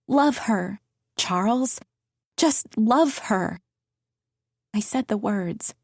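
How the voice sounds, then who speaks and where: A woman narrating a thriller audiobook in the first person, measured and intimate, sometimes dropping to a whisper. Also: mid-range voice, mellow, slightly rough, no echo, clean studio sound.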